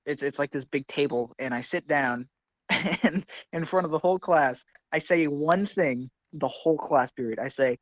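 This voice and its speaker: A teenage boy co-hosting a casual podcast, telling a school story in a halting, deadpan way. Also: a little high, no echo, muffled recording. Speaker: podcast co-host.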